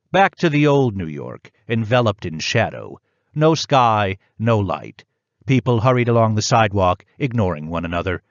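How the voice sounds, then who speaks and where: A man reading a first-person audiobook in a measured, reflective way. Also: medium pitch, dry recording, muffled recording. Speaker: audiobook narrator.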